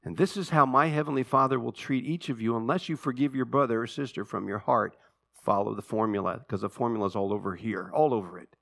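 A man preaching a sermon to his church, swinging between hushed, slow passages and emphatic, animated ones. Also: fairly high pitch. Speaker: pastor.

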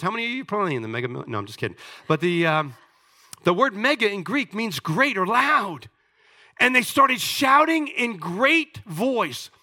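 A man pastor preaching a sermon, animated, swinging from loud declarations to hushed asides. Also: high voice.

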